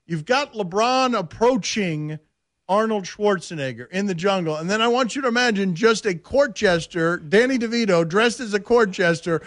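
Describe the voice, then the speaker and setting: A man hosting a sports radio show, telling stories with animated banter and frequent laughs. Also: high-pitched, normal speed, no echo, clean studio sound. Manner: animated storytelling, laughs often. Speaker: radio host.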